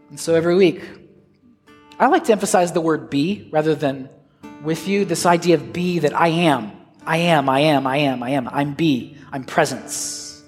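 A man leading his congregation as pastor, preaching and guiding communion in an earnest tone that moves between raised emphasis and hushed prayer. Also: fairly high pitch. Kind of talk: sermon and communion liturgy. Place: church sanctuary. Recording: long hall reverb with soft guitar.

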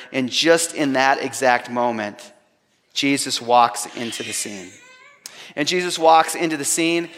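A man's voice: mid-range voice, fairly bright tone, in a large hall. A man preaching a sermon, retelling a story with humor and then turning earnest. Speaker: pastor.

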